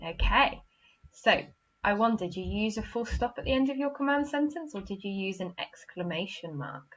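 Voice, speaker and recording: A woman's voice: mid-range voice, lively intonation, normal speed, lo-fi sound, a little hiss or hum. A woman teaching a primary school literacy lesson, patiently repeating "okay?" and acting out example sentences with expression. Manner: patient, repeats "okay?" after each point.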